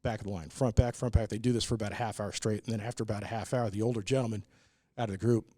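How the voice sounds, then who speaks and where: A fairly low, dark voice with fairly even intonation comes rapid-fire from a middle-aged American brewery owner, recorded in the studio with no echo. In a casual podcast interview, he earnestly tells stories, saying "uh" a lot and impersonating the people he quotes.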